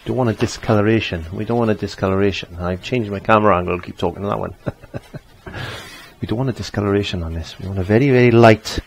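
A man's voice: fairly low pitch, fairly even intonation, fast talker, gravelly, a little hiss or hum. A man giving a chatty step-by-step painting tutorial, repeating phrases as he works. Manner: chatty, repeats himself while working. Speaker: painting teacher.

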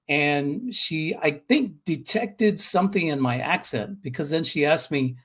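American male guest, a bit husky, mid-high voice, animated storyteller. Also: a little slow, few pauses. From United States. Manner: animated, tells stories with restarts. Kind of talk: casual storytelling.

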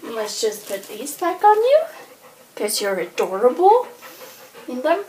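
A woman's voice: a little high, big pitch swings, measured pace, a little mellow, slight background noise, rough recording. A woman hosting a playful pet vlog at home, asking her dogs questions in sing-song baby talk. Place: home room with an ottoman.

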